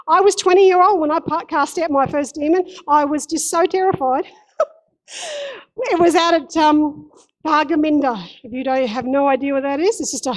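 Impassioned high-voiced woman pastor. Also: a little mellow, poor audio. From Australia. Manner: impassioned, emphatic repetition. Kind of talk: sermon. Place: church.

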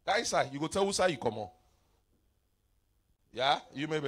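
A middle-aged man preaching a revival sermon, mixing pidgin into his English with sudden shouts and playful asides. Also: on the high side, expressive, normal speed.

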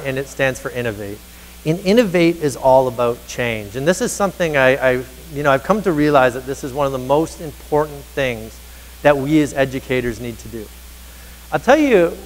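Lively man speaking in a hall. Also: a little high. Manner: energetic storyteller, acts out dialogue. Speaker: keynote speaker on teacher happiness. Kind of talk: motivational conference keynote. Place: large conference hall. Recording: reverberant hall.

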